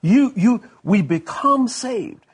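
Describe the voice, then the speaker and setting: A man's voice: very high voice, expressive, slow pace, slightly rough. A man, a minister co-hosting, sharing testimony in casual preaching conversation with many stammered restarts. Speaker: minister co-host.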